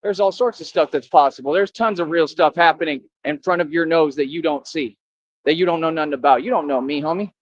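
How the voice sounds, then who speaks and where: A man's voice: fairly high pitch, brisk, dull audio, slight background noise. A man vlogging outdoors, boasting and confronting his viewers in slang-heavy street talk.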